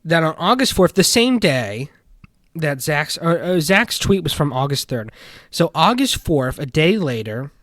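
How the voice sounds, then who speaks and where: A young man hosting a casual podcast, commenting on paranormal community drama with animated indignation that drops into muttering. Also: fairly high pitch, unhurried, no echo, studio quality. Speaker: podcast host.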